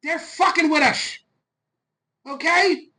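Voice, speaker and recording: Ranting man with a sharp, bright voice. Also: very high-pitched, slow, low-quality recording. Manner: loud, profane, fired-up ranting. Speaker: fan channel host. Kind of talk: live fan rant stream. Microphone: phone.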